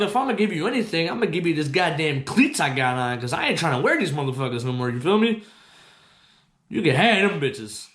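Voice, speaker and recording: A young man telling a story from his own life, cursing freely and getting worked up as it goes. His voice sits a little high for a man. The sound carries the echo of a bare room. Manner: profane, animated storytelling that gets loud when quoting himself. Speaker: host. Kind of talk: casual storytelling.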